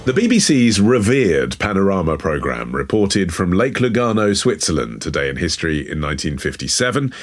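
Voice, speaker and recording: A man's voice: sits low, very animated, a little fast, few pauses, faint music behind. A man co-hosting a history podcast, reading a scripted intro with dry irony and then chatting casually. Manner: dry, ironic delivery. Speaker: podcast co-host.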